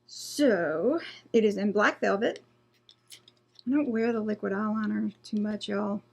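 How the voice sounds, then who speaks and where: A woman's voice: medium pitch, measured pace, creaky, darkish tone. A woman doing a casual beauty unboxing vlog, reading product blurbs aloud and trailing off and restarting as she goes. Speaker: beauty vlogger.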